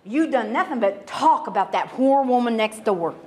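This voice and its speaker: A woman's voice: on the high side, expressive, normal speed, a little mellow, a little hiss or hum, natural voice. Brief: motherly Southern scold, older woman, down-home drawl, put on by a comedian.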